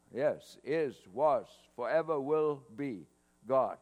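A man preaching a sermon to his congregation, swelling louder on scripture quotes. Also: medium pitch, takes it slowly, long pauses, lo-fi sound. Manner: expressive preaching, rising loud on scripture quotes. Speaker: pastor. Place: church hall, cold morning. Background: mains hum.

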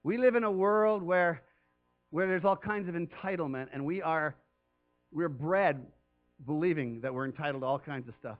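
A man's voice: on the high side, normal speed, highs cut off, faint music behind. A man preaching a sermon as pastor, talking earnestly and conversationally with emphatic rises.

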